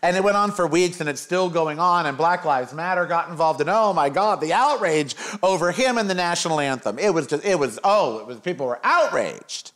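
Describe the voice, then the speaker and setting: A middle-aged man talks straight to the camera in a loose, sarcastic rant with a campy edge. His voice sits fairly high for a man. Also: animated, a little fast, hardly any pauses, a bit bright. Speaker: host. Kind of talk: casual opinion monologue.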